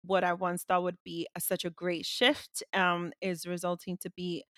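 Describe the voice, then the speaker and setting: A woman's voice: fairly low pitch, monotone, normal speed, fairly bright tone, no echo, studio quality. A woman co-hosting a podcast, candid and personal, giving supportive murmurs as she listens. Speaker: podcast co-host. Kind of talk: casual chat.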